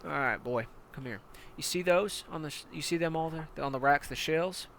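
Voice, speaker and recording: A man doing a vicious tank sergeant who snarls and barks orders full of profanity, his voice bright and forceful. Faint hiss sits behind him on a home recording. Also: fairly high pitch, brisk, vocal fry, pitched above the performer's own voice. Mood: menacing. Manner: barking, contemptuous, profane. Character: brutal foul-mouthed male tank commander.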